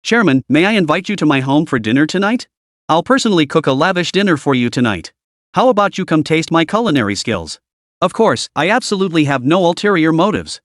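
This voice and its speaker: A man's voice: a little high, big pitch swings, brisk, no room sound. A man voicing a flirtatious, scheming female deputy manager with a teasing inflection, read in a dry recording.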